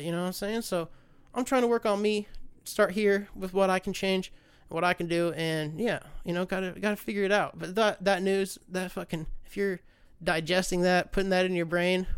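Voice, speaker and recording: A man's voice: high voice, steady tone, moderate pace, smooth. An American man hosting his own podcast, talking in a rambling, profane, fired-up rant. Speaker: podcast host. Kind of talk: casual solo rant.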